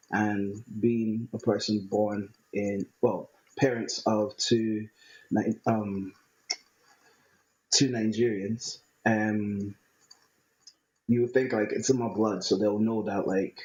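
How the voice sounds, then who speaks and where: A man, a writer-musician talking reflectively in a conversation and pausing often with fillers. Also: on the low side, darkish tone, husky, rough recording. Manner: hesitant, many fillers and restarts.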